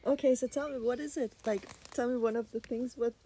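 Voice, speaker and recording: A woman's voice: fairly high pitch, steady tone, fairly quick, mellow, husky. A woman in a casual chat who keeps drawing the other speaker out with curious, prompting questions.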